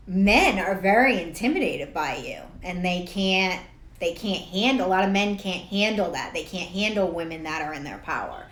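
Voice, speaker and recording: A young woman talks casually to camera as a life coach, blunt and chatty, swearing freely and laughing at her own stories. Her voice sits at an ordinary pitch. The room gives it a noticeable echo. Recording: roomy echo.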